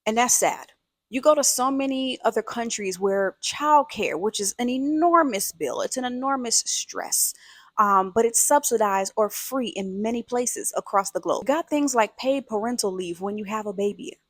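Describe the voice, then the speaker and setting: A woman's voice: a little high, normal speed, dry recording, clean studio sound. A woman who is a mother, hosting a casual vlog, talking in an emphatic, conversational, slangy way. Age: adult, a mother. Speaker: video host.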